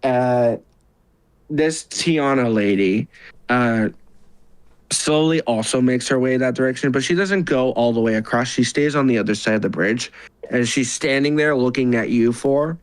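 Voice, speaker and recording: A man's voice: medium pitch, normal speed, clear, resonant tone, dry recording, rough recording. A man narrating as game master of a tabletop game, rambling with fillers and self-corrections.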